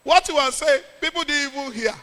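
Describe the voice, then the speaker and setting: A middle-aged Nigerian man, a pastor, telling a lively story in a sermon with jokes and pidgin. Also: very high-pitched, fairly quick, in a large hall, slight background noise.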